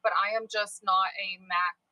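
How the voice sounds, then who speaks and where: A woman's voice: mid-range voice, fairly even intonation, moderate pace, bright, forceful tone, dry recording, poor audio. A young woman chatting casually and candidly as a livestream seller, swearing and wandering off topic.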